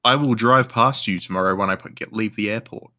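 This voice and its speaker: Man, lowish voice, bright edge, halting casual chat. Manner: halting, restarts often, joking.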